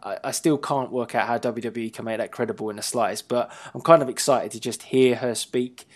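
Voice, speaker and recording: A man's voice: medium pitch, fairly even intonation, a little fast. A man hosting a wrestling talk show in casual chat, playful and teasing, often laughing and trailing off mid-sentence.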